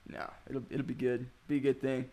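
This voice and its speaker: A man's voice: mid-range voice, flat delivery, brisk, dark tone. A man co-hosting a casual chat among friends, joking and laughing into his lines.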